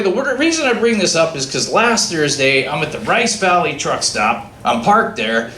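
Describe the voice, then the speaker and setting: A man doing a stand-up comedy set, telling a story with lively acted-out dialogue. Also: high voice. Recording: echoey room with faint ambient noise.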